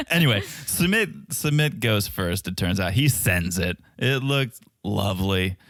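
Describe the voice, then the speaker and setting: A man's voice: lowish voice, lively intonation, unhurried, fairly bright tone, no room sound, clean studio sound. A man co-hosting a podcast, chatting casually and joking while recapping a reality show. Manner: joking, playful impressions of the cast. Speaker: podcast co-host.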